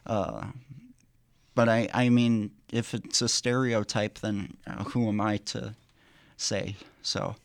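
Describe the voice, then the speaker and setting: Hesitant low-voiced man, dry studio sound. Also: fairly even intonation, vocal fry, no echo. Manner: hesitant, many restarts and pauses. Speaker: radio show co-host. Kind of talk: casual chat. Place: radio studio.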